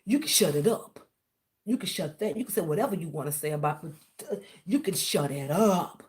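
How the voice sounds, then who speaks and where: A woman's voice: low-pitched, expressive, normal speed, darkish tone. A woman hosting her own tarot channel who speaks, confronting a former client in a blunt, confrontational livestream rant full of swearing. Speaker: tarot reader and channel host. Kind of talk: heated livestream rant to viewers.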